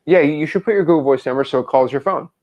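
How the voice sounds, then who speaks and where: A man's voice: a little high, highs cut off. Young man coaching, pushy and repetitive. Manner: pushy, repeats lines slowly word by word for the caller. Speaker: wholesaling coach. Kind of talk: live coaching call.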